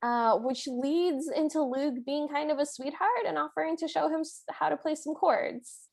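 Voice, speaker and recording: A woman with a somewhat high voice co-hosting a podcast, casually talking through a movie. She is chatty and agreeable, often backing up her co-host with quick affirmations as she narrates scenes. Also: gravelly. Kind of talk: casual movie recap chat.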